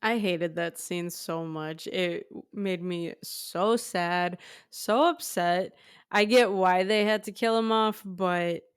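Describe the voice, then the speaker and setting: A woman co-hosting a podcast who talks about a film in a relaxed way, often filling pauses with "you know". Her voice sits on the lower side and sounds very clear. It is dry and close, with no room around it. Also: dry recording. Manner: casual, many "you know" fillers. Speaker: podcast co-host. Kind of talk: casual film discussion.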